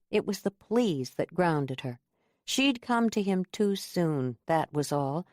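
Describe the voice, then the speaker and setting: A woman narrates an audiobook from a script in a measured, even storytelling style. Her voice is medium in pitch, and the clean studio recording has no room sound.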